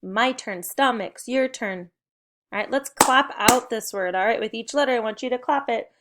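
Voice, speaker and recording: A woman's voice: a little high, normal speed, very noisy. A young adult woman, leading a recorded spelling and phonics lesson for young children with cheerful, encouraging call-and-response prompts. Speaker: teacher.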